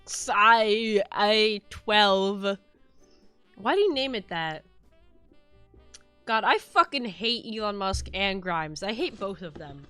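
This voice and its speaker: A woman's voice: mid-range voice, big pitch swings, unhurried, fairly bright tone, no echo, faint music behind. A woman streaming live, chatting casually and laughing often. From United States.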